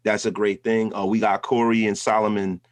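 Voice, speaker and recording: A man with a lowish voice telling how his interviews went, in a loose, rambling podcast chat. He leans on "you know" and restarts. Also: flat delivery, a little fast.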